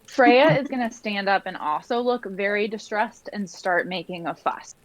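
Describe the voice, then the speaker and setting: A woman's voice: mid-range voice, moderate pace. A woman playing a tabletop game over an online call, talking in a rambling way with many fillers. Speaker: player. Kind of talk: casual tabletop play.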